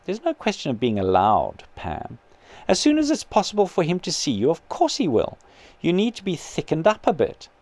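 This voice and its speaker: A calm, kindly male spirit, read by a man, speaking in an earnest, patient voice that still rises and falls a lot. Close and dry. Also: on the high side, moderate pace, no room sound, exaggerated voice. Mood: gentle. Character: patient gentle male spirit, her brother.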